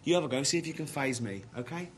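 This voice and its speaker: A man plays a self-important manager in a screen comedy who talks in halting, rambling bursts and keeps steering things back to himself. His voice sits at a plain middle pitch. A faint room ambience runs underneath. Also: expressive, slight background noise, natural voice. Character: pompous self-important male office boss. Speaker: office manager.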